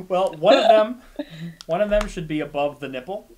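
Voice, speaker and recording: Man panelist, jokey rambler, slightly high, noisy clicking line. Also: normal speed, darkish tone. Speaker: podcast team member on a fan panel. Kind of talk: casual group chat.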